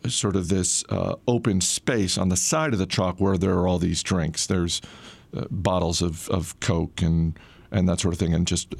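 A middle-aged man casually telling a personal story in a relaxed, conversational way, with frequent "uh" fillers. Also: sits low, gravelly, dry recording.

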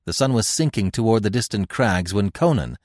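A man's voice: lowish voice, lively intonation, fairly quick, a little mellow, dry recording, studio quality. A man narrating an adventure story in a dramatic, scripted style, with wide swings in volume. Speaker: narrator and host.

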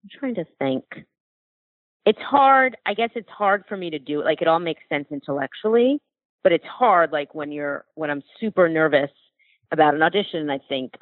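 A woman's voice: low-pitched, lively intonation, normal speed, dry recording. Woman on a tinny phone line. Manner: candid, reflective, agreeable. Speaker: actor seeking advice. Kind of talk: casual chat.

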